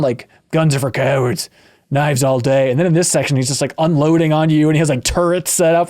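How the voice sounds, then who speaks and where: A man's voice: fairly high pitch, a little fast. A man hosting a casual game podcast, reading listener messages aloud and joking around. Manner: joking, animated. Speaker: podcast host.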